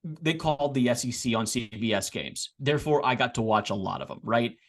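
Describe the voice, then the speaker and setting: A man co-hosting a casual sports podcast, talking in a rambling way with restarts, getting animated as he makes his points. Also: medium pitch, brisk. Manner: rambling, frequent restarts and repeated words. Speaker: podcast co-host.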